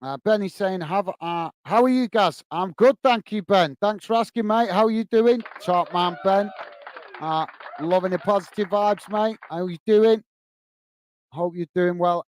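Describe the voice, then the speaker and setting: A man hosts a live football watch-along, calling the play as it unfolds and greeting viewers between moves. His voice sits a touch high and sounds smooth and clear. The room is dry and close, with little echo. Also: unhurried. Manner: chatty, greets viewers by name, many fillers. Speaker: host of a fan live stream. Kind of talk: live football commentary and chat reading.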